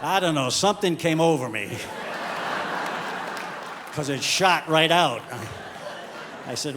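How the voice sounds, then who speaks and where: A stand-up comedian telling jokes on stage, shifting between deadpan storytelling and loud punchlines. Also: male voice, fairly high pitch, takes it slowly, pauses often, a crowd in the background, noisy background. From Italian heritage. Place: comedy stage before a live audience.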